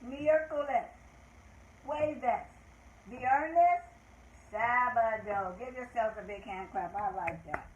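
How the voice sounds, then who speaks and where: A woman's voice: high voice, lo-fi sound. An older woman hosting a live children's lesson, speaking in a patient, sing-song teacher voice. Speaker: children's show host teaching calendar. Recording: echoey room with faint background noise.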